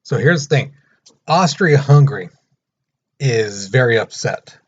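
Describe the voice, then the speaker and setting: A man teaching a history lesson in a casual, animated storytelling way. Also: medium pitch, measured pace, slightly rough. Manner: animated, storytelling, acting out the countries. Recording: muffled lo-fi recording.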